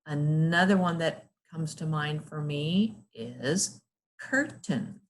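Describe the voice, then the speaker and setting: A woman teaching a phonics lesson to young children, sounding out letters and words slowly and praising often. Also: deep voice, slight background noise.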